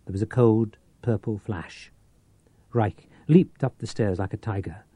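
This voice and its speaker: A man reading a novel aloud as an audiobook narrator, with a measured, theatrical delivery. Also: lowish voice, mellow, breathy edge, dry recording.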